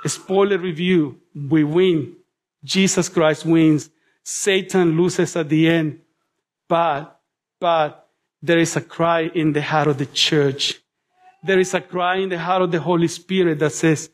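A man preaching a sermon to a congregation, chatty and animated with humorous asides, easing into soft, slow prayerful passages. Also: a little high. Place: church.

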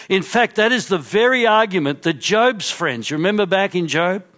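Preacher, male, high-pitched, storytelling sermon delivery with hushed asides. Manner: storytelling, acting out the crowd and drops to quiet asides. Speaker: pastor.

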